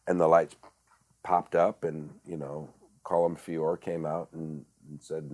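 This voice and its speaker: A middle-aged man, a director and actor, telling a reflective story as an interview guest, halting with many fillers and restarts. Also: a bass voice, flat delivery, darkish tone.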